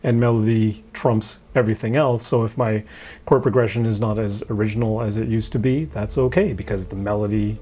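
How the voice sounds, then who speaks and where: Warm-voiced man, halting and repetitive. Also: lowish voice. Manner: halting, repeats words often, laughs lightly. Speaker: podcast co-host and songwriter. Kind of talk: casual roundtable discussion.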